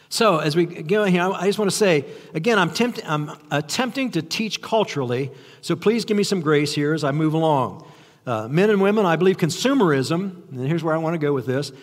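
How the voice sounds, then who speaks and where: Older male preacher, high voice, chatty, self-deprecating sermon delivery, long hall reverb. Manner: conversational, self-deprecating, frequent restarts and rhetorical questions.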